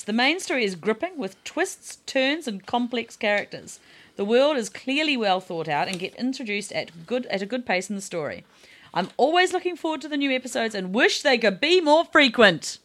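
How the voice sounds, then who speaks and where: A woman with a lively, sing-song delivery reads listener reviews. She teases her co-hosts and laughs often, keeping things casual. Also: on the high side, moderate pace. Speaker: podcast co-host and voice actor. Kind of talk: casual banter, reading reviews aloud.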